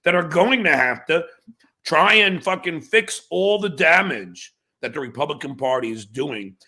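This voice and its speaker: A man's voice: on the high side, lively intonation, unhurried, bright, forceful tone. A middle-aged man hosting a livestream, telling stories and talking politics with lots of swearing and stammering restarts. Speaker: livestream host. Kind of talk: political chat and storytelling.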